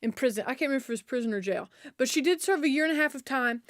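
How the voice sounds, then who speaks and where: High-voiced woman telling a story, slangy. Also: very fast, dry recording, clean studio sound. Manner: animated, slangy storytelling with many fillers. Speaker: streamer. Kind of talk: casual chat.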